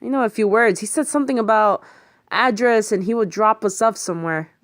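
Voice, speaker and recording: A woman narrates a first-person thriller audiobook, lively and voicing the other characters herself, even swearing in the heat of the story. Her medium-pitched voice runs a little fast, recorded in a clean studio with no echo.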